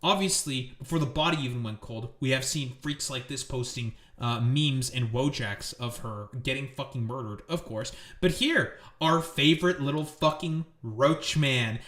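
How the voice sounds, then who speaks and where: A man's voice: mid-range voice, normal speed, few pauses, fairly bright tone. A man hosting his stream with a political commentary rant. He talks in a profane, angry and sarcastic way. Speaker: streamer host. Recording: echoey room.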